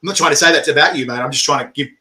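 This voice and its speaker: A man, chatting casually as the interviewer. His voice sits a little high and rings bright and forceful. He tells lively stories and laughs often. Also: racing. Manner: animated storytelling, laughs often. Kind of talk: casual chat.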